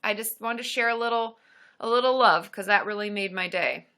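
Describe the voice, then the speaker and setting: Chatty woman with a bright voice. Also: mid-range voice, brisk, smooth. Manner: chatty and rambling, with many fillers and asides to viewers. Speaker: YouTube creator hosting a live stream. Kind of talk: casual live-stream chat, reading viewer comments.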